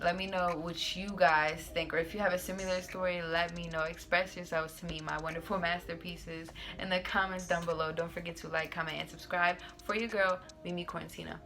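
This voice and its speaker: A woman's voice: fairly low pitch, flat delivery, brisk, hardly any pauses, bright, forceful tone. A young adult woman hosting her own channel, telling a casual storytime in a sassy, slangy way with plenty of "like"s. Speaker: YouTuber host.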